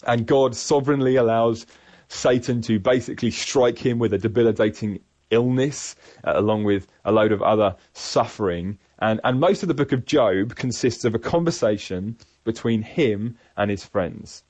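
Earnest man preaching, husky voice. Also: medium pitch, a little mellow, no echo. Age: adult parent. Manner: earnest, measured, reflective. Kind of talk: sermon-style Bible teaching.

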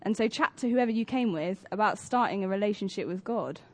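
A woman's voice: medium pitch, brisk. A young British woman giving a conversational sermon in a church, acting out the stories she tells. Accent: British English. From Britain. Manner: conversational, acts out stories with lively voices. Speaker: church speaker. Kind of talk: sermon talk.

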